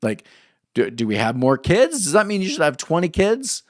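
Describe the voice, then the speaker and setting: A man preaching a sermon in an animated way, often tagging his points with a quick "right?" to the congregation. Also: on the high side, no echo, clean studio sound. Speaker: pastor.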